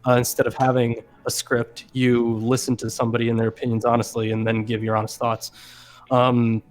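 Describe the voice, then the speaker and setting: A man's voice: mid-range voice, completely flat delivery, fairly quick. A man talking casually as a guest on a video call, hesitant, with many fillers and restarts.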